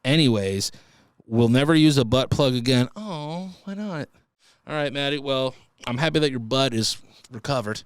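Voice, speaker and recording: A man's voice: mid-range voice, lively intonation, normal speed, smooth, no room sound, studio quality. A young man hosting a podcast, reading out listener stories and joking crudely about them in a casual, profane way. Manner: crude, joking, swears freely. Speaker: podcast host. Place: podcast studio.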